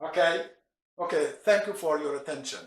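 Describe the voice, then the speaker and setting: A man teaching a language lesson, going slowly through words and repeating them, with pauses and restarts. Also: fairly high pitch. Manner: slow, repeats and spells out words; frequent restarts and fillers. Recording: echoey room.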